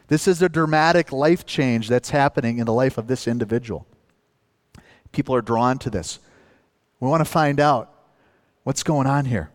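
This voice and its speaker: Guy from northern minnesota preaching, kinda high voice, earnest, punches the big points, long echo in the hall. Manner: earnest preaching, rising with emphasis on key points. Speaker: pastor. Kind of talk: sermon.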